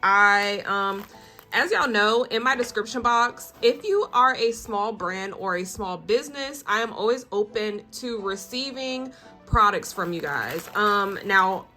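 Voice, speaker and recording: A woman talks through a nail product review in a relaxed, chatty way, filling pauses with ums and calling her viewers y'all. Her voice is bright and forward, at a middle pitch. Soft music plays behind her. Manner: chatty, many fillers, addresses viewers as y'all. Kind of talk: casual vlog chat.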